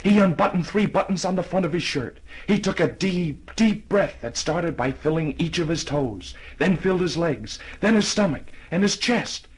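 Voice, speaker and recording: A man narrating a children's storybook in an animated, expressive reading. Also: a little high, normal speed, hardly any pauses, husky, poor audio. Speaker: audiobook narrator.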